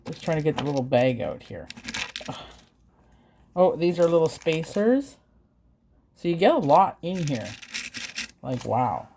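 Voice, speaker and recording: A woman's voice: sits low, big pitch swings, a little slow, pauses often, background noise. A woman vlogger chatting casually and hesitantly as she unboxes and reviews craft supplies. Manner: chatty, hesitant, with fillers and self-corrections.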